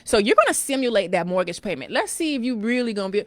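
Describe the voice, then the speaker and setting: Animated, folksy middle-aged woman. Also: a little high, quick pace, hardly any pauses, no echo. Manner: animated, folksy, calls listeners "girl" and "child". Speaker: financial coach. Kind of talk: casual live-stream talk.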